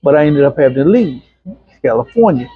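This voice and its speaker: Middle-aged man with a husky, fairly high voice, an animated storyteller who acts out quotes; dull lo-fi recording. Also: a little fast, no echo. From Arkansas, USA. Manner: animated, acts out the voices of people in his stories. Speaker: interview guest. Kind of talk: personal storytelling in a casual interview. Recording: dull, muffled lo-fi sound.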